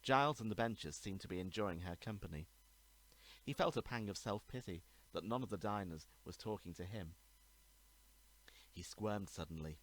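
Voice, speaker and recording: A man, the author, reading his own murder mystery aloud in a measured, even narration. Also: low-pitched, low-quality recording. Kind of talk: storybook reading.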